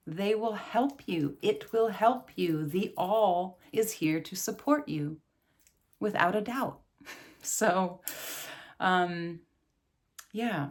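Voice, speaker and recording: Earnest laughing spiritual teacher, woman. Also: fairly low pitch. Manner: earnest, laughs often, animated. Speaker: yoga and meditation teacher. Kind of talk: casual spiritual talk to camera.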